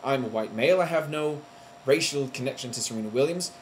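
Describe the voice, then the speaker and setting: A man ranting to the camera in a video blog, heated and outraged, with sudden loud jumps in pitch. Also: fast, a little hiss or hum. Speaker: vlogger. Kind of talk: indignant vlog rant.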